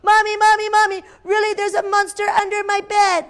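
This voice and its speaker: A woman's voice: very high voice, completely flat delivery, fairly quick, pitched above the performer's own voice. A woman voicing a frightened little boy at bedtime, pleading urgently and stammering. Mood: scared, pleading.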